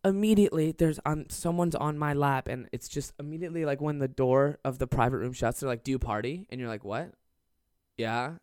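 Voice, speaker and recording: A man's voice: on the high side, quick pace, hardly any pauses, a little mellow, clear, resonant tone, no room sound, clean studio sound. A young man telling a comedic story on a podcast, rambling and swearing, laughing as he goes. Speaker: podcast host.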